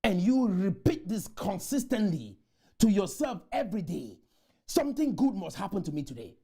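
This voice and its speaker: A man from Cameroon, giving a motivational conference speech full of repeated chants that burst into shouts. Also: high voice, big pitch swings, normal speed, husky. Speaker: motivational speaker. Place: conference room.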